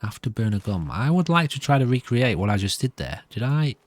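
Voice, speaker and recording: A man's voice: medium pitch, sing-song, fairly quick, no room sound. A nervous man giving rambling, self-amused commentary while playing a video game. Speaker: gameplay commentator.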